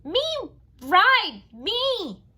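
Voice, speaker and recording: Woman doing a shrill demanding toddler boy. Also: sing-song, extremely slow, pushed and bright, exaggerated voice. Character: screaming stubborn toddler boy.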